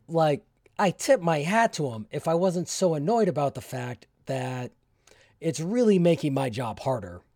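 A man's voice: a little high, a little mellow, dry recording, studio quality. A man hosting a solo tabletop game podcast, reading the game's prompts and narrating as a ship captain while getting over an illness. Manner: reads game text aloud, then narrates in character as a ship captain.

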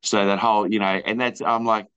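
An Australian man being interviewed about his filmmaking speaks a little fast in a lowish, smooth, slightly bright voice with little pitch movement. His casual, rambling account is full of fillers and restarts, and he acts out other people's words.

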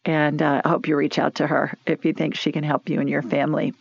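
Southern woman, call-in radio host, upbeat and chatty, slightly low voice, dry dull lo-fi sound. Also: level tone, fast talker, creaky, breathy edge, no room sound. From Alabama. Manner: upbeat, chatty, laughs often. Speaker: radio show host and psychic medium. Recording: dull, lo-fi broadcast audio.

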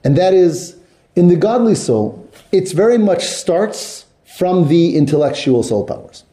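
A man's voice: high voice, lively intonation, unhurried, warm tone. A man teaching a text study class to students, explaining step by step and putting questions to the class. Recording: echoey room.

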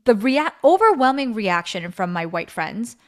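Middle-aged woman co-host, earnest and animated, casual chat; pitch rises and falls freely when she's worked up. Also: normal speed. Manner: earnest, pleading, animated storytelling. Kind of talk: casual conversation.

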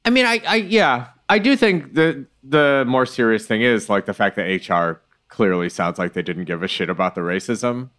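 A man co-hosting a podcast, chatting casually with animated swings from mumbled asides to loud outbursts. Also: mid-range voice, moderate pace, hardly any pauses. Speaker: podcast co-host. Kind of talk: casual chat.

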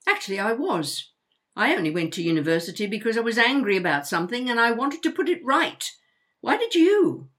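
A woman playing a lively, chatty older mother. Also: fairly high pitch, fairly quick. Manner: animated, stumbling over words when flustered. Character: chatty older mother, outspoken, quick to apologize. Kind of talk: audio drama dialogue.

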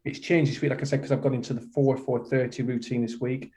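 A middle-aged man from the UK speaks as a podcast guest in a warm, mellow voice. His pitch sits in the everyday middle for a man. He talks with passion and emphasis, repeating his key phrases and calling the listener "man" like a motivational coach. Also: flat delivery, fast. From United Kingdom. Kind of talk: podcast interview conversation.

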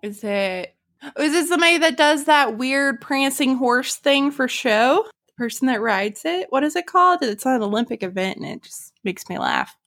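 A woman's voice: sits high, animated, normal speed, a bit bright. A woman with a Southern US accent, a podcast guest in casual chat who laughs often while guessing.

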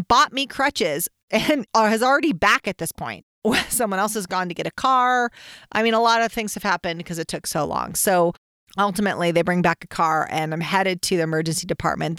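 A woman host telling a personal story in a casual, animated way. She laughs often and acts out the shouts of other people. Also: medium pitch, no room sound, studio quality.

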